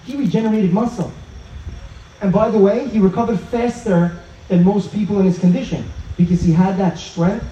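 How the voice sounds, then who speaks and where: A man giving an inspirational talk at an outdoor evening gathering, telling stories in an animated way and acting out the dialogue. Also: sits high, moderate pace. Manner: animated storyteller who acts out quoted dialogue. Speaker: speaker at a religious event. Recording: roomy, dull sound from a distance.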